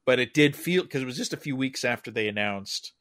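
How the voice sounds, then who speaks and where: A man hosts a podcast in a relaxed, talkative way, trailing into fillers and easy laughs. His voice is bright and clear, with a mid-range pitch. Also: a little fast. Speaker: podcast host. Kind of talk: casual chat.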